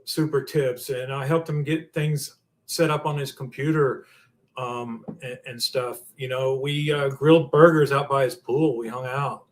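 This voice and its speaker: A man co-hosting a podcast in casual chat, easygoing and halting, with restarts as he tells stories. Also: medium pitch, steady tone. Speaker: podcast co-host.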